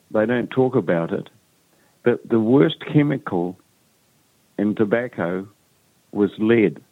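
A man's voice: low-pitched, no room sound. A man, speaking earnestly and urgently as a guest in a phone-in interview. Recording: dry tinny phone line.

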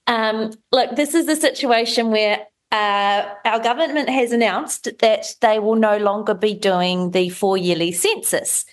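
A woman explains things on the radio in a measured, informative way. Her voice is mid-pitched and steady, with some fillers along the way. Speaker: regular radio contributor.

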